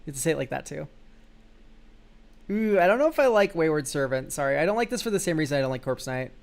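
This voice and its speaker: Young man, high voice, casual live-stream chat, jokey, swears, goofy exclamations. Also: big pitch swings, quick pace, gravelly. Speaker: streamer reviewing viewers' card game decks.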